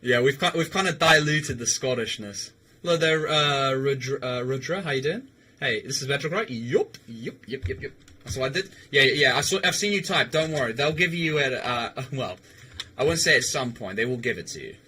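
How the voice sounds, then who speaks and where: Bright-voiced streamer man. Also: mid-range voice, expressive, normal speed, slight background noise. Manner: rambling, swears, stammers, laughs easily. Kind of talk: casual livestream chat while gaming.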